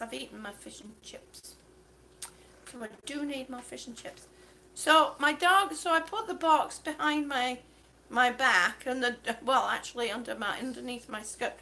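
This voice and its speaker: A woman on oxygen, hosting a livestream and telling stories, chatty and quick to laugh. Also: sits high, pushed and bright, slight background noise. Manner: chatty storyteller, laughs often. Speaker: livestream host. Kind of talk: casual chat, reading viewer comments.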